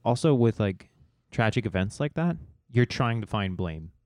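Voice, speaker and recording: A man's voice: fairly low pitch, sing-song, moderate pace, a little mellow, no room sound, clean studio sound. A young man co-hosting a casual chat, laid-back and slangy. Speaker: podcast co-host.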